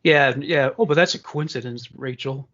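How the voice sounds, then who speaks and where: A man's voice: medium pitch, moderate pace, fairly bright tone. A man from Canada co-hosting a casual podcast, sarcastic and crude, reading out news stories. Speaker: podcast co-host. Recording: slightly dull lo-fi sound.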